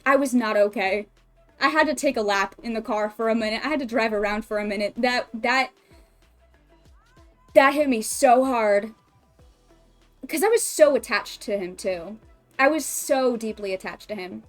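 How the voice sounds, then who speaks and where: A woman livestreaming from home, chatting in an emotional, expressive way and swearing freely. Her voice sits a little high, and faint music plays underneath. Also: moderate pace, long pauses. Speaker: streamer. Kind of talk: casual livestream chat.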